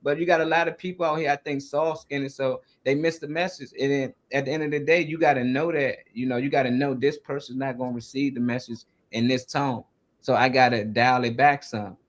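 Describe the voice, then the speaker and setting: A man in casual talk-show chat, speaking at an everyday middle pitch. He talks in a loose, conversational way, sprinkled with "you know" and "like". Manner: animated, acts out yelling coaches and sergeants.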